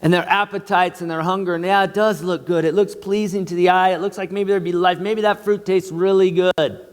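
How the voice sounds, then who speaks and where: A man's voice: sits high, steady tone, brisk. Earnest male pastor in a reverberant church. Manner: earnest, emphatic preaching. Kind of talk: sermon. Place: church sanctuary.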